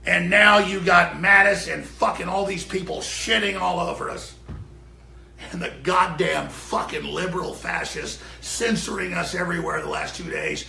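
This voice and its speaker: A man, a show host, ranting furiously and profanely off air in a broadcast studio before going live, often shouting. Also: sits high, animated, normal speed, creaky, roomy sound. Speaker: radio and web show host.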